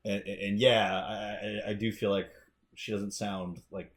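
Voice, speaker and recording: An American man co-hosting a casual podcast, thinking aloud in animated, rambling bursts. His voice sits somewhat low and he talks in casual chat style. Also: a little slow. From United States. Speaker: podcast co-host.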